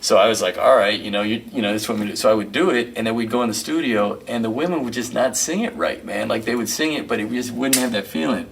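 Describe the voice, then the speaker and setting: A man, a musician and record producer, telling loose, animated stories as an interview guest, peppering them with "you know" and "man". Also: medium pitch, quick pace, vocal fry, hardly any pauses, distant mic, slight background noise. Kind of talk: casual interview storytelling.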